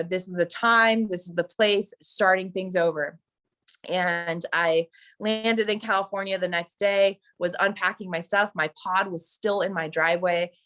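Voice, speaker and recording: A woman's voice: mid-range voice, a bit bright. A young adult woman telling her own story of addiction and recovery, candid and confessional, often acting out what people said to her. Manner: candid, confessional, fillers and restarts, quoted voices. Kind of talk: personal storytelling.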